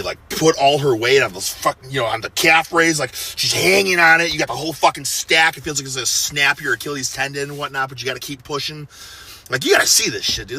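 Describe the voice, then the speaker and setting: A man's voice: medium pitch, sharp tone, slightly rough. A man of thirty giving a casual, profane motivational pep talk, intense and full of gym bravado. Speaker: fitness personality giving a personal message.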